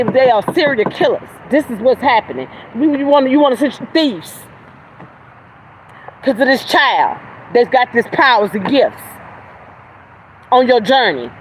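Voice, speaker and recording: A woman hosts a livestream from outside by a road, her voice set against clear traffic noise. She rants in a heated, profane, confrontational way. Her delivery lurches between loud outbursts and quiet mutters. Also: a little high, poor audio. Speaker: livestream host. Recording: outdoor traffic noise behind voice.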